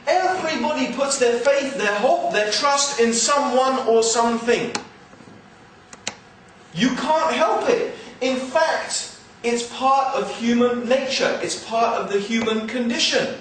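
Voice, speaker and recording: An English man with a mix of upper-class and East London accents gives an animated, joking religious lecture to an audience. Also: very high-pitched, slow pace, a little hiss or hum. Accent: English, mixed with East London. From England. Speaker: Islamic speaker. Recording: very echoey hall, mic far off.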